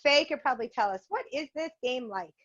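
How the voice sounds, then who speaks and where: A woman's voice: high-pitched, animated, a little fast, fairly bright tone. A woman leading a virtual yoga and mindfulness class, guiding poses and a game in an upbeat, encouraging way. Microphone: video call. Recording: muffled video-call audio.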